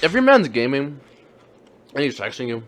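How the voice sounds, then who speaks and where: Young male co-host, lively storyteller, casual slang, laughs a lot. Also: medium pitch, moderate pace. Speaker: podcast co-host. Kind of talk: casual chat.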